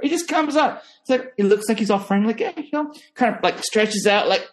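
In a casual chat, a young Northern California man with an American accent tells stories in an animated, slightly fast way, leaping into high voices to imitate others.

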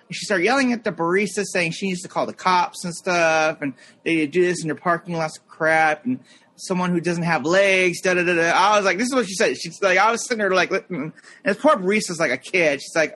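Man, 30s, casual podcast co-host; high bright voice, rambling storyteller. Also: a little fast. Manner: rambling, lots of fillers, mimics people in anecdotes.

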